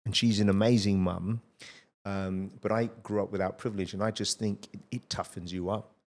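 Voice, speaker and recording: A middle-aged man hosting a podcast, telling blunt, energetic stories in casual conversation and swearing freely. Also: fairly low pitch, normal speed. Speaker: podcast host.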